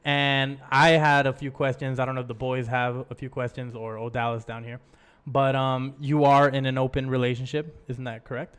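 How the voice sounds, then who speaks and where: Male podcast host, mid-pitched, casual and profane, tells stories with acted quotes. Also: flat delivery, normal speed, a bit bright, clean tone. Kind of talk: casual storytelling chat.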